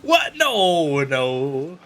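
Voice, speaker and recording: A man's voice: fairly high pitch, sing-song, extremely slow, fairly bright tone. A man calling an esports match play-by-play, joking with his co-caster. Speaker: esports commentator. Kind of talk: play-by-play commentary.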